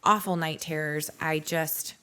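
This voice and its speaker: A woman's voice: low-pitched, fairly even intonation, a little slow, bright, forceful tone, clean tone. A woman in her forties, a podcast guest, frankly telling her life story in a blunt, candid way. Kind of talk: candid personal testimony.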